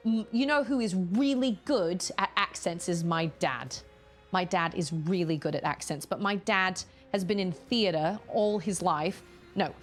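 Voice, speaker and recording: Lively, chatty woman streamer. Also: on the low side, moderate pace, soft background music. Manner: chatty, muses aloud over game menus, repeats item names. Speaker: game streamer. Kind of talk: casual live-stream chat while playing.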